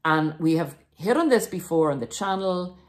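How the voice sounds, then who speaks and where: Calling her audience "guys," this podcast host gives an emphatic, encouraging self-help monologue to her viewers. Her voice sits on the low side, expressive and at a moderate pace.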